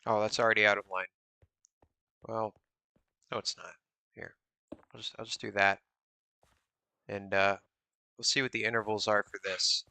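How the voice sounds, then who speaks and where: A man streams himself building in a game, muttering block counts and reading chat aloud. His voice is very bright and sits dry and close on the mic. He teases viewers with playful mock suspicion. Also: lowish voice, little pitch movement, normal speed, vocal fry, long pauses, smooth, no room sound. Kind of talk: casual live-stream chat while playing.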